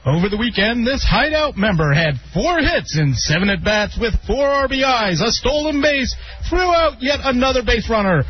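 A man's voice: expressive, moderate pace, hardly any pauses, soft background music. Man in a big game show announcer voice. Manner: booming announcer delivery. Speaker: fill-in co-host. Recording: dull lo-fi radio audio.

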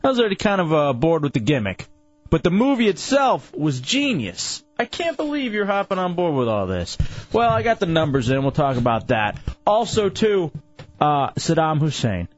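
A man's voice: on the high side, big pitch swings, moderate pace, muffled recording, soft background music. A man hosting a talk radio show, opinionated and argumentative in casual banter.

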